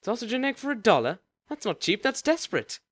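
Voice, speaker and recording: A man's voice: very high-pitched, sing-song, brisk, fairly bright tone, slightly rough, voice pushed up, exaggerated voice. Man putting on a prim zombie woman. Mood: wry. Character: fussy dead woman baker turned zombie.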